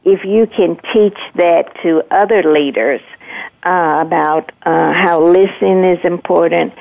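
A woman leadership coach speaks as a guest on a radio show, with a low, gravelly voice. She explains her ideas earnestly, pausing with fillers as she goes. She comes through a tinny phone line.

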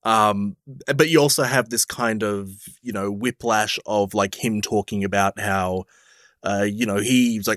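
Lower-voiced man, relaxed podcast co-host. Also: a little slow, no echo, studio quality. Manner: relaxed, chuckling, chimes in with agreement. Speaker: podcast co-host reviewing films. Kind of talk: casual chat.

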